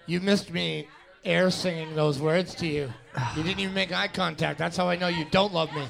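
A man's voice: on the high side, fairly even intonation, moderate pace, creaky, a bit bright. A man co-hosting a trivia podcast, chiming in with dry, blunt comments. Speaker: co-host. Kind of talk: casual podcast banter.

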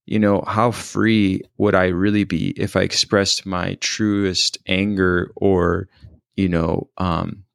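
A man with a very low voice full of gravelly fry talks through a personal story. He is thoughtful and hesitant, often pausing and restarting. The recording is dry and close. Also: flat delivery, no echo. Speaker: storyteller recounting a personal experience.

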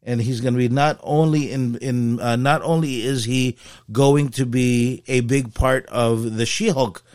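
A man's voice: mid-range voice, fairly even intonation, measured pace, darkish tone, no echo, studio quality. A man hosting a casual pop-culture podcast, talking hesitantly with many fillers but in a playful tone. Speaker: podcast host. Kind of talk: casual chat.

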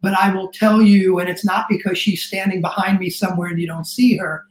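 A man's voice: high voice, flat delivery, a little hiss or hum. Earnest middle-aged man, roomy sound. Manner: earnest, emotional storytelling, rushed restarts. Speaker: guest, business coach. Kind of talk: casual interview chat. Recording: roomy echo.

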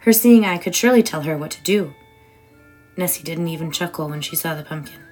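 A woman reading a children's bedtime story aloud in a warm, expressive way. Her voice sits fairly low, and soft music plays quietly behind her. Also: brisk, rough recording.

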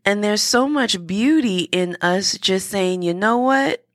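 A woman's voice: medium pitch, animated, slow pace, no room sound, studio quality. A woman hosting a podcast, talking through an earnest, encouraging motivational monologue with frequent restarts. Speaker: podcast host.

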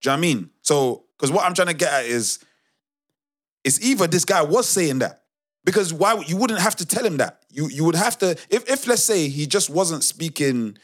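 A man's voice: on the high side, lively intonation, moderate pace. A man on a podcast, talking a point through, starting over often and searching for words. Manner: hesitant, restarts often while reasoning. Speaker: podcast co-host. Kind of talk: casual chat.

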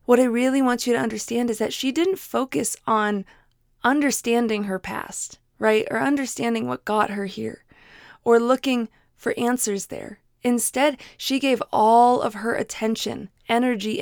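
A woman's voice: a little high, normal speed, no echo, clean studio sound. Earnest, encouraging woman podcast host. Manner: earnest, encouraging, repeats phrases for emphasis. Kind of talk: motivational solo podcast.

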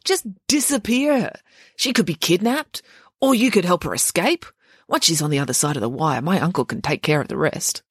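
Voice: medium pitch, lively intonation, normal speed, fairly bright tone, husky, no echo, clean studio sound. A reader voicing a tough, blunt teenage girl inmate, pushy and slangy.

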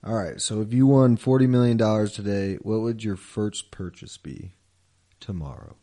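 Young male podcast co-host, low and mellow, laid-back storyteller. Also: moderate pace. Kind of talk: casual chat.

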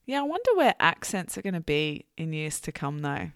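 Animated woman host, lively pitch. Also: normal speed, no room sound, clean studio sound. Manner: animated, laughing storyteller. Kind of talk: casual interview chat.

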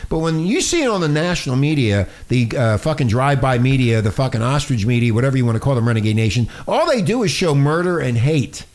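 A man hosting a talk show, ranting loudly and swearing in casual chat. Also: medium pitch, big pitch swings, fast, few pauses. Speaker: show host. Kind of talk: casual profane radio talk.

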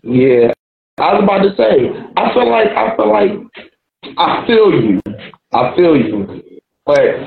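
Man host, casual, slightly high voice, echoey room with light noise. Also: gravelly, dull audio. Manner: laid-back, repeats "feel me" and "let's talk". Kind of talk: casual live-stream chat.

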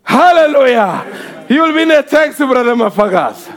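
A man preaching with fiery passion, his voice pitched unusually high for a man. He shouts through the peaks, calls out hallelujah and slips into the voices of the people in his stories. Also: sing-song, normal speed. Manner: impassioned, often shouting, cries of hallelujah; acts out quoted voices while storytelling. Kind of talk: fervent sermon.

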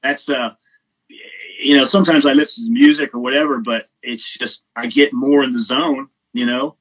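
A man's voice: mid-range voice, expressive, moderate pace, vocal fry, slightly rough, highs cut off. A man guest on a podcast, chatting casually and effusively, rambling with lots of fillers. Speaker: comedian. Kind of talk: casual chat.

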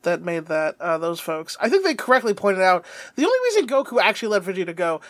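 A woman's voice: medium pitch, very animated, fast, dry recording. A woman co-hosting a podcast in casual, swearing, laughing chat. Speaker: podcast co-host. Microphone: podcast mic.

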